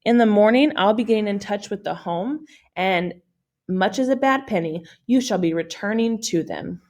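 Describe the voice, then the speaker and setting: A woman's voice: medium pitch, expressive, normal speed, darkish tone, close to an everyday voice. A woman reading the part of a stern, pompous middle-aged foster mother who speaks in a haughty, formal way. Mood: scolding.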